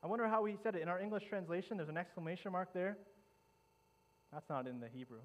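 Brief: male pastor, vivid dramatic storytelling sermon, somewhat high voice, lots of restarts. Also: quick pace, low-quality recording.

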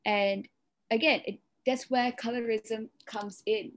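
A woman's voice: a little high, steady tone, takes it slowly, a little hiss or hum. A young woman from Malaysia with a Eurasian-tinged accent, talking earnestly on a casual podcast, with lots of "you know"s. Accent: Malaysian English, Eurasian. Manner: earnest, talks in long runs with many "you know"s. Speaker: podcast host.

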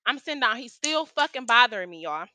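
Bright, foul-mouthed young woman telling a story. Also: on the high side, fast talker, dry recording. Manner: profane, slangy, animated storytelling. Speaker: storytime vlogger. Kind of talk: casual storytime chat.

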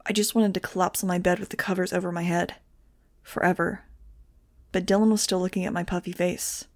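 A woman reading a novel aloud in the first person, with a steady, measured delivery. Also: on the low side, no echo, studio quality. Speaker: audiobook reader.

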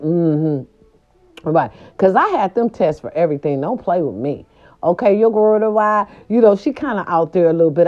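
A woman's voice: fairly low pitch, mellow, dull audio. A woman telling a story in a casual vlog, blunt and profane, talking straight to her viewers.

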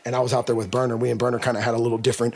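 Fast-talking man telling a story. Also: medium pitch, level tone, darkish tone, slight background noise. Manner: rapid, slangy, repeats words as he restarts. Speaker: podcast guest. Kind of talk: conversational storytelling.

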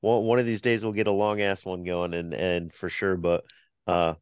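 Low smooth man on a lo-fi call. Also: moderate pace, no room sound. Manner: friendly, relaxed, tired. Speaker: podcast guest. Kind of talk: casual podcast chat. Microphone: remote call. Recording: dull, lo-fi call audio.

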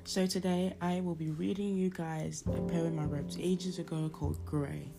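A woman's voice: fairly low pitch, steady tone, moderate pace, vocal fry. A young woman hosting a poetry podcast, reciting her own spoken word poems with intense emotion. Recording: music playing behind.

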